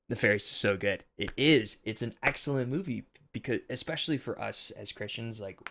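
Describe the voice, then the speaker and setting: A man's voice: lowish voice, creaky. A young man hosting a casual film commentary monologue, earnest and preachy with a rambling delivery.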